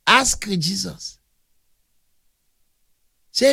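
A man with a Nigerian accent preaching a humorous, animated sermon that mixes storytelling with playful big words. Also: extremely high pitch, slow, no echo, studio quality.

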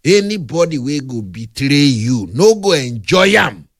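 A man with a Nigerian accent preaching a humorous, animated sermon that mixes storytelling with playful big words. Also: on the high side, unhurried, no room sound, studio quality.

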